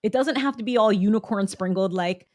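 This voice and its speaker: A woman's voice: medium pitch, a little fast, no echo. Upbeat chatty woman podcaster, dry sound. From United States. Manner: upbeat, chatty, encouraging, breaks into laughs. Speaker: podcast host. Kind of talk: solo motivational podcast talk.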